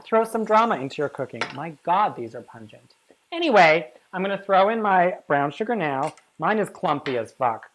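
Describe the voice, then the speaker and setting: A brash woman walks viewers through a recipe with a low-pitched voice. She swears freely and jokingly insults her audience. Her delivery stays casual and chatty. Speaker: cooking show host. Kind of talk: casual cooking demonstration.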